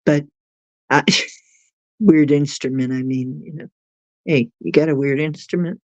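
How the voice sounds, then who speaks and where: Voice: medium pitch, fairly even intonation, unhurried, no echo, lo-fi sound. A livestream host chatting casually with viewers, giggly and laughing often. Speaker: livestream host reading chat.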